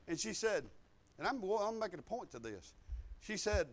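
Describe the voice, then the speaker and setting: Preacher guy in his 50s, pretty high voice, drops to mumbly asides then booms out. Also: sing-song, moderate pace. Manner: folksy storytelling, swinging from low asides to loud emphatic preaching. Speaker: pastor. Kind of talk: sermon.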